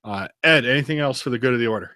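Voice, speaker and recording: A man rambles through a casual beer review, swearing as he goes. His voice is bright and forceful, and it sits close and dry on the mic. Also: medium pitch, very fast, dry recording. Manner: loose, profane, rambling. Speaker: podcast co-host.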